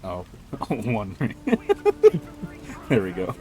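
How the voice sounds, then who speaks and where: An excitable man chatting while he plays on a livestream. His voice swings up and down in a lively way, and he laughs easily. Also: fairly low pitch, drawn-out words, faint music behind. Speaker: co-host playing the game. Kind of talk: casual game livestream chat.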